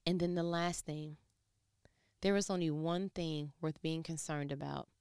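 A woman with a low voice preaches a sermon, close to tears as she speaks. She drops to near-whispers, then climbs into loud, passionate stretches. The recording is dry, with no room sound. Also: steady tone, unhurried, clean tone, dry recording. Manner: impassioned, emotional, shifting between hushed and loud.

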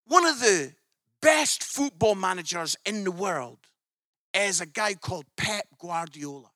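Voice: medium pitch, animated, measured pace, bright, forceful tone, no room sound, clean studio sound. A preacher telling a story in a sermon, swelling into emphatic outbursts.

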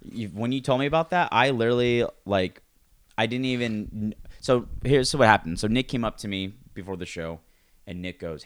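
A man's voice: lowish voice, moderate pace, clean tone. A man who does stand-up comedy, chatting casually and acting out quoted voices as he tells a story. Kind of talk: casual chat.

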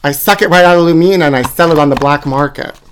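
A man's voice: on the high side, fast talker, slight background noise. Campy guy doing a drawly comedy bit on his podcast, calls everyone my trashy. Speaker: podcast host.

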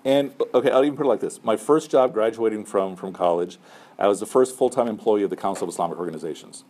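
A man's voice: on the low side, quick pace, darkish tone. A middle-aged man, a Muslim chaplain, giving students casual, conversational advice and often checking in with "right?" and "okay?". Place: room with a student group.

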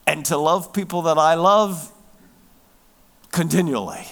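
A man preaching a sermon, emphatic, swinging from loud stressed words down to hushed near-whispers. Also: fairly high pitch, takes it slowly, pauses often. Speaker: pastor.

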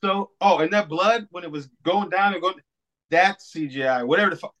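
Animated, cursing man on a podcast. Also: sits high, fairly quick, low-quality recording. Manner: animated, swears a lot, laughs often. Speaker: podcast co-host. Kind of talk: casual chat.

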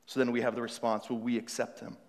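A male pastor preaching, moving between hushed, searching questions to the congregation and loud, emphatic passages. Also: medium pitch, level tone, fast. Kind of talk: sermon. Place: church hall. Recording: long reverb of a large hall.

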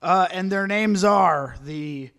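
A man's voice: sits high, slow pace, fairly bright tone. A man co-hosting a comedy podcast, riffing with jokey asides in casual chat. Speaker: podcast co-host.

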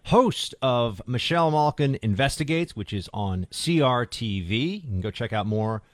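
A male talk radio host with a sarcastic, combative delivery, mocking the press as he reads. His voice sits in a middle pitch and sounds close and dry on a studio microphone. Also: expressive, normal speed, dry recording. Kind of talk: political talk radio commentary.

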